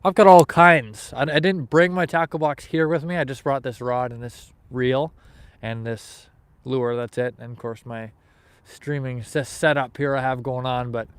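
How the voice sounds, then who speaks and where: A man's voice: medium pitch, fairly even intonation, moderate pace, clean tone, no room sound. A man from Canada hosting a fishing livestream outdoors in the snow, chatting casually with viewers and reading their comments aloud in an easygoing, rambling way.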